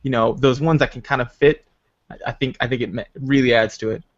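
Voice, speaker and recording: A man hosting a podcast, chatting excitedly and rambling about video games. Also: medium pitch, fast talker, dull audio. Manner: excitable, rambling gamer talk. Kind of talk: casual chat.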